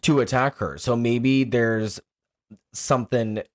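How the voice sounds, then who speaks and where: A man's voice: medium pitch, steady tone, slow pace, no room sound. A man with a mid-range voice talks through a movie plot in a loose, chatty way, often breaking into laughter. The sound is dry and close, with no room around it. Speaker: podcast co-host. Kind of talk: casual film review chat.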